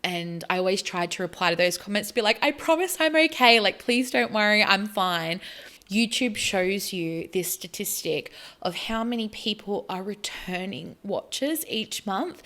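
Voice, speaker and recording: An Australian woman in her thirties talking casually to camera, rambling and chatty with plenty of "like". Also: mid-range voice. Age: 30s. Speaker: spiritual vlogger.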